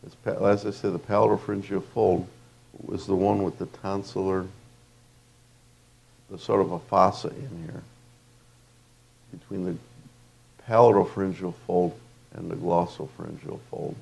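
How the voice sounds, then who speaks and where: A man's voice: sits low, fairly even intonation, moderate pace, vocal fry, pauses often, a little mellow, slightly rough. A man giving an anatomy lecture to dental students in a conversational, anecdotal way with fillers and restarts.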